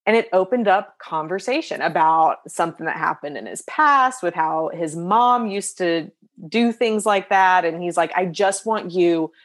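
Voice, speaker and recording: A woman guest on a podcast, telling an everyday story in an animated, expressive way and laughing often. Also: on the low side, moderate pace. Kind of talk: casual conversational storytelling.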